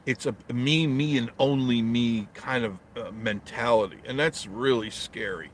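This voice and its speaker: A man's voice: mid-range voice, measured pace, a little hiss or hum. A middle-aged man from New York talks off the cuff from the driver's seat of his car. He answers viewers' comments bluntly and with a joking edge. His voice sits in an ordinary middle range. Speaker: travel vlogger reading live chat. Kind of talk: casual live-stream chat from a parked car. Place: inside a car in traffic.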